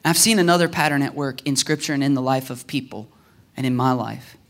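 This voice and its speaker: A man preaching a sermon in an animated way, acting out prayers and quotes, at times dropping to a hushed near-whisper. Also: a little fast. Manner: animated, acts out prayers and quotes with swings in pitch and loudness. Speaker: pastor.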